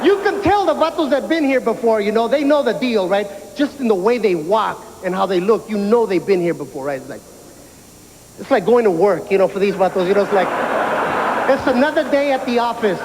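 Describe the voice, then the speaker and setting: A man doing stand-up comedy, telling animated stories and mimicking people. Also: high-pitched, fairly quick, long reverb tail. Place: prison yard. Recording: noisy outdoor recording.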